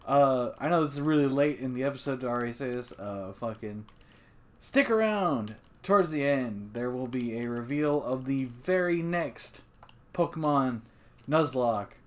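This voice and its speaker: A man's voice: medium pitch, moderate pace. Swearing man narrating his gameplay. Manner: relaxed, rambling, swears often, laughs at himself. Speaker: let's play gamer. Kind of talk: casual gameplay commentary.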